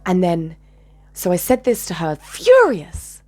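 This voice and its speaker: A woman's voice: lowish voice, normal speed. A woman telling a personal story to her channel with intensity, swearing and dropping into whispers. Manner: intense, swings between loud and whispered, swears. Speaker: channel host.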